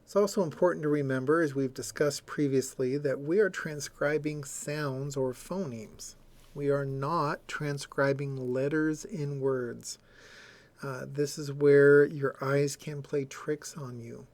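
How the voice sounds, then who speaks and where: A man's voice: mid-range voice, fairly even intonation, a little slow, darkish tone. A man giving a recorded lecture, explaining step by step and sounding out example words.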